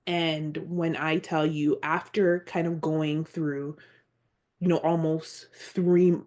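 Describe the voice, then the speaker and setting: Slow, soft-spoken woman sharing her story. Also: low voice, little pitch movement. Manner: heartfelt, earnest, slow and reflective. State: near tears at times. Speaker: podcast guest. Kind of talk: personal storytelling in an interview.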